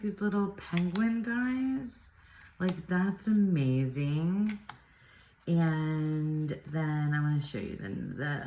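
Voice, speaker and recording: A woman's voice: deep voice, darkish tone, roomy sound, a little hiss or hum. A woman chatting casually as she shows off tarot decks, rambling with lots of likes and ums and small giggles. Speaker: tarot youtuber.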